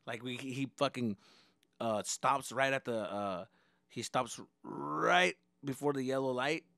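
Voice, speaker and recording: A young man hosting a podcast, telling a story in a casual, animated and profane way. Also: medium pitch, a little slow, creaky, no room sound, clean studio sound. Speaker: podcast host.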